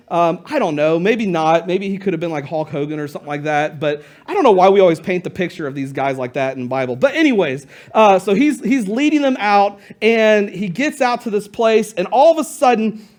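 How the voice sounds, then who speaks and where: A male pastor preaching a sermon to his church in a casual, conversational way, retelling stories with playful asides. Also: sits high.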